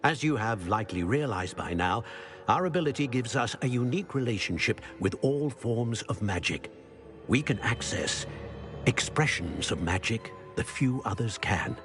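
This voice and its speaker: An actor voicing a grave male professor who is a seer, speaking in a measured, formal way in a video game. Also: mid-range voice, expressive, lightly acted. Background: game music.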